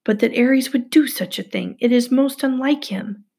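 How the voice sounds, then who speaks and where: Grumbling king of gods, gravelly and rough-edged, read by a woman narrator. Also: a little high, moderate pace, mellow, voice pushed up. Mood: muttering. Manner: grumbling, menacing. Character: stern menacing male sky god, king.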